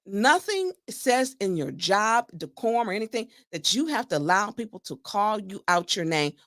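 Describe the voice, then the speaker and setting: A woman hosting a talk show, giving animated, indignant commentary on a clip and laughing often. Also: mid-range voice, normal speed, dry recording, studio quality. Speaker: show host.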